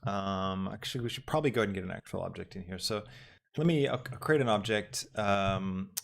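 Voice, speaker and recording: Gravelly low-voiced man thinking aloud. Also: brisk. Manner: meandering, thinks aloud with many ums. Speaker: software tutorial host. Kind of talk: live-streamed casual tutorial.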